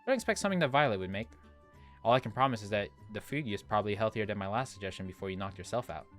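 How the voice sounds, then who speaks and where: A man reading the part of a playful, caring young woman who teases her friend, in a low voice nudged slightly higher. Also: animated, rapid-fire, a bit bright, faint music behind. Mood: teasing. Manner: teasing, lightly mocking.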